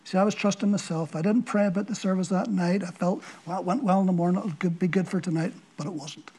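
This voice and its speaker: A man's voice: high voice, fairly even intonation, fast talker, darkish tone. Older man, pastor, storytelling sermon, casual delivery with restarts. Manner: storytelling, conversational with repeated words.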